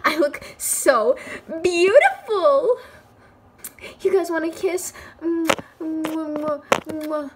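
A woman's voice: high-pitched, flat delivery, slow pace, hardly any pauses, slight background noise, voice pushed up. A woman voicing a vain female toy pet in makeup, showing off in a self-admiring way. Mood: preening.

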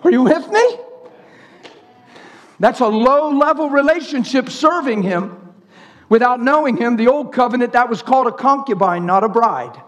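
A male preacher delivering a fervent, excitable sermon, swinging between shouting and hushed tones. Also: very high-pitched, normal speed. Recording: reverberant hall.

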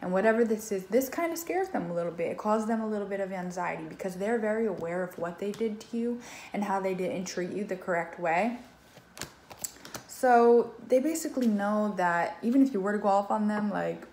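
This tarot reader keeps things loose and talkative, dropping the occasional swear and playacting other people's thoughts. She has a medium, slightly mellow voice, and the echoey recording carries a little hiss or hum.

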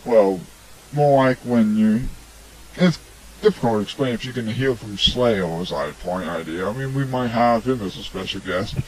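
A man's voice: on the low side, moderate pace, a little mellow, rough recording. A man hosting a homemade radio show, rambling through a preachy opinion monologue full of "I mean" and "come on". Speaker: amateur radio show host. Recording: homemade hobby recording.

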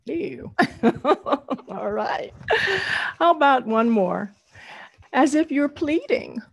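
A woman's voice: high-pitched, lively intonation, takes it slowly, vocal fry, muffled recording. A middle-aged woman, leading an online storytelling workshop over a video call, encouraging and laughing often.

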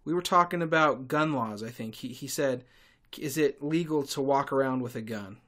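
A man rants through a solo podcast in a sarcastic, fed-up tone. His voice sits at an ordinary male pitch and now and then bursts out loud. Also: normal speed. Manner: sarcastic, irritable, with sudden loud outbursts. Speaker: podcast host and tour guide. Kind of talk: casual ranting monologue.

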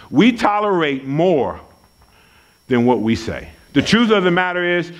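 At a church service, a pastor preaches an emphatic, folksy sermon, conversational in style, repeating key lines for weight and adding folksy asides. His voice is a little high, and the audio sounds dull.

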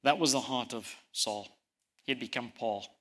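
A man preaching a sermon, telling stories and swinging from loud emphasis to soft, quiet lines, sometimes repeating words as he presses a point. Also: medium pitch, moderate pace. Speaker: pastor.

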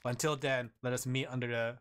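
A man voicing a cryptic male servant of a moon god in a deliberately monotone voice, reading game dialogue aloud. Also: medium pitch, clear, resonant tone, natural voice. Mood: solemn. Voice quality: monotone, flat delivery.

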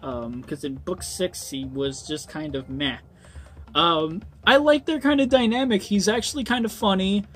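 A man's voice: high voice, moderate pace, soft background music. A young man giving a casual book review, rambling with frequent ums and swearing when worked up.

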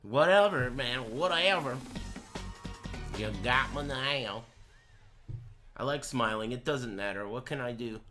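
A man's voice: medium pitch, a little slow, long pauses. A man in his twenties streaming a game live, swearing and ranting at his chat in mock anger. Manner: profane, mock-angry banter with chat. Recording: game music underneath.

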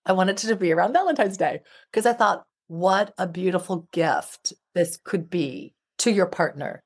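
A woman's voice: on the low side, lively intonation, moderate pace, husky. A middle-aged woman, a relationship expert and author, speaking heartfelt and emphatic as a podcast guest. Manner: heartfelt, emphatic, repetitive phrasing. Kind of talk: podcast interview.

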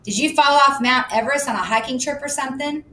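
Snooty indignant schoolgirl, put on by a woman reader, high and loud, roomy audiobook sound. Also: quick pace, a little hiss or hum. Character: snooty young schoolgirl, quick to anger. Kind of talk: audiobook reading.

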